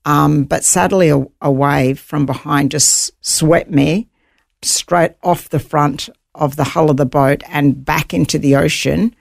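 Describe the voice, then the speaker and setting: A woman's voice: deep voice, fairly even intonation, measured pace, vocal fry, no room sound, studio quality. A woman guest on an interview show, vividly retelling her own survival story. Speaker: guest, author.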